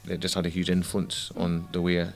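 A man with a low voice and a gravelly edge speaks frankly in an interview. He rattles along quickly, breaking off and restarting his sentences. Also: completely flat delivery, faint music behind. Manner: candid, restarts mid-sentence, swears. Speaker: musician interviewee. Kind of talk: reflective interview talk.

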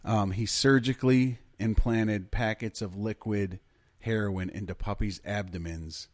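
A man's voice: on the low side, fairly even intonation, a little slow, a little mellow, dry recording. A man co-hosting a podcast, chatting loosely about news stories, swearing and laughing often. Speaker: podcast co-host. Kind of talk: casual news chat.

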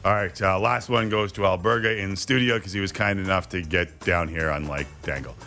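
A man hosting a sports talk show, moderating a panel with brisk, joking quiz-style questions. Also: low voice, fairly even intonation, bright, forceful tone, soft background music.

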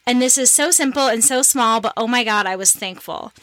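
High, bright, giggly woman podcast host. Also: brisk, dry recording. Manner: giggly, playful, reads listener letters. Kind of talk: casual chat.

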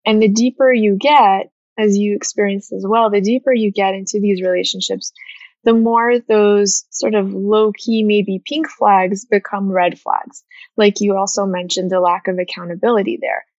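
A woman who is a former therapist, guest on a casual podcast, talking emphatically with quick agreeing interjections. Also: medium pitch, steady tone, darkish tone, no room sound, lo-fi sound.

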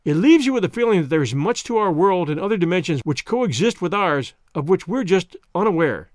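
A man's voice: high voice, very animated, brisk, no room sound, clean studio sound. A man hosting a podcast, giving a scripted sign-off with thanks to listeners in an upbeat announcer manner. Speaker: podcast host.

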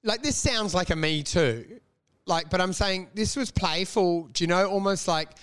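High-voiced man telling rowdy stories. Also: normal speed, a bit bright, clear, resonant tone. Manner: rambling storyteller, swears a lot, laughs through stories. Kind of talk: casual comedic chat.

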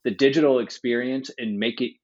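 A man who is a business guest on a podcast, talking business in a measured way with frequent fillers. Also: medium pitch, fairly even intonation, darkish tone, husky. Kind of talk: conversational business talk. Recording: dull lo-fi sound.

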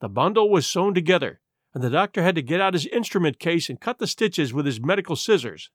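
A man narrating an audiobook in an expressive, animated storytelling manner. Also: fairly high pitch, fairly quick, no room sound, studio quality.

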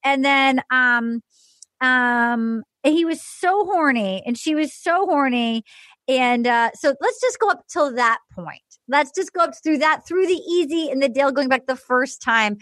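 A woman with a high voice hosts a comedy podcast and tells the story in a lively, playful way. She slips into the voices of the people she quotes. Her sound is dry and close, with no room echo. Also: measured pace. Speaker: podcast host recapping a dating show. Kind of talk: casual comedic recap with acted-out quotes.

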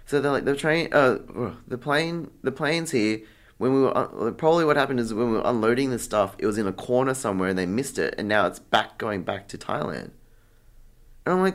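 A man's voice: medium pitch, lively intonation, fairly quick. A young man being interviewed, chatting casually and acting out the exchanges in his story, with lots of fillers. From Australia. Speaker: interview guest, artist.

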